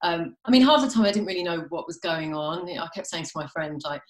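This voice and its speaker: Low-voiced chatty British woman. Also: lively intonation, a little fast, echoey room. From England. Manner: chatty, self-deprecating, laughs often. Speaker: guest actress. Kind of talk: casual chat. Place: home during quarantine, video call.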